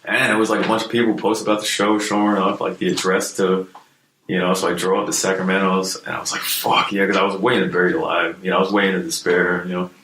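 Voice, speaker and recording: A man's voice: low-pitched, flat delivery, fast talker, fairly bright tone. A man being interviewed about his music past, talking in a loose, laid-back way with lots of fillers and swearing. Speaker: guest, hardcore musician. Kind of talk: casual storytelling interview. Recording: roomy echo, faint noise.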